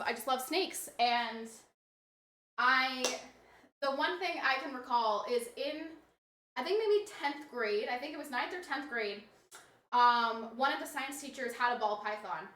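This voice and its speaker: Cleaning out a snake enclosure, a young female streamer chats casually and tells a filler-heavy story. Her voice is high and sharp, and the room sounds echoey.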